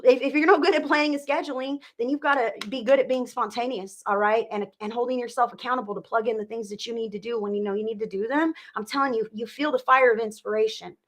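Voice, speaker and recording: A woman's voice: a little high, quick pace, few pauses. A woman doing a live-streamed psychic reading. She talks in a chatty, affectionate way, full of endearments, and checks in with "okay?" after each point. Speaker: psychic reader.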